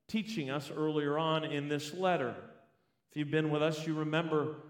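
High-voiced pastor preaching in echoey church. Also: male voice, fairly bright tone. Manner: measured, emphatic preaching with rhetorical questions. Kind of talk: sermon.

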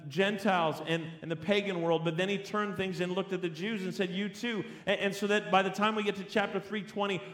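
Male preacher, high-pitched, roomy church reverb, deliberate sermon delivery with rhetorical questions. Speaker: pastor.

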